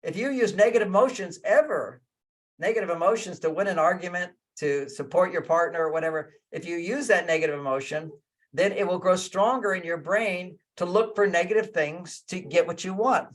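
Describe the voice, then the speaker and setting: A man's voice: high voice, a little fast. A man speaking as a guest relationship speaker over a video call, emphatic, repeating his key phrases and acting out what partners might say.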